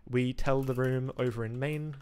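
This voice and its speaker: A man's voice: medium pitch, steady tone, normal speed, mellow, clear, resonant tone. A man casually talking through his game code on a live stream, thinking aloud with ums, restarts and wry asides.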